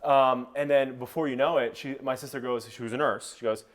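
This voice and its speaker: A young man hosting a casual podcast chat, talking fast and acting out every quote as he tells a personal story. His pitch sits in the middle range, and he swears casually along the way. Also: fairly even intonation. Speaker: podcast host.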